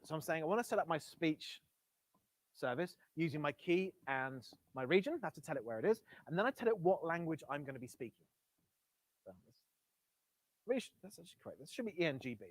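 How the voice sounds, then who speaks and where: A man's voice: on the high side, sing-song, fast talker, dry recording. A man presenting a live coding session to a meetup audience on a headset mic, casual and self-correcting, with wry asides. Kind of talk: live-coding tech talk. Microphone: Bluetooth headset.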